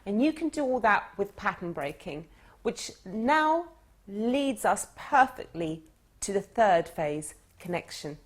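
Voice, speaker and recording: A woman coaching her audience through a lively story, talking in an animated, conversational way. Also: mid-range voice, slow. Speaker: dating coach. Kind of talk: storytelling lesson.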